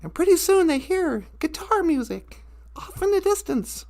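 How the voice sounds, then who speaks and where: A woman's voice: very high voice, big pitch swings, normal speed, warm tone. A woman telling a children's story casually, loosely and with chuckles, plenty of "uh"s. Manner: loose, chuckling, with frequent fillers.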